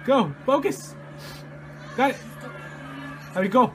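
A man playing a horror game and commenting casually, jumpy and swearing constantly, yelling and laughing at the scares. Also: high-pitched, lively intonation, measured pace, pauses often, slight background noise. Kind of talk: casual let's-play commentary.

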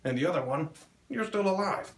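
A man doing a crude stand-up comedy set, delivering deadpan one-liners on a small club stage. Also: on the high side, a little fast. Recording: echoey room with faint ambience.

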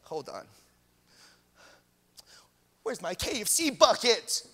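A man preaching a sermon as pastor, animated and repeating phrases, in a church hall. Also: high voice, takes it slowly.

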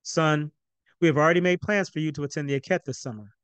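Steady, deliberate father, voiced by a man, storybook reading, fairly high voice. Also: no echo, natural voice. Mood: measured. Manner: measured and deliberate. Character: calm firm deliberate father.

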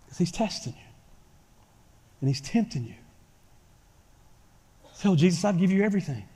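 A pastor preaching a sermon to his church, swinging from quiet talk to loud shouting. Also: sits high, lively intonation, moderate pace, husky. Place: church sanctuary. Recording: church hall reverb.

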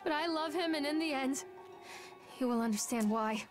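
A woman's voice: sits high, normal speed, faint music behind, natural voice. A woman voicing a troubled mother searching for her lost son in a horror game, speaking in a tense, brooding way. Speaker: game protagonist. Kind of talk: horror game voice acting, inner monologue.

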